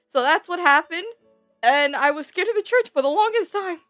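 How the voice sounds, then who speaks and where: A woman's voice: very high voice, moderate pace, no room sound. Laughing young woman telling a story. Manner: laughs often while telling a story, animated retelling. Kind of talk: casual storytelling chat. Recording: dry close mic, faint background music.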